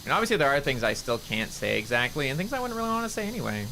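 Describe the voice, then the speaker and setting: A man's voice: mid-range voice, very animated, very fast, pushed and bright, slight background noise. A man streaming a game, chatting casually in a rambling, candid way and swearing freely. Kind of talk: casual chat while gaming.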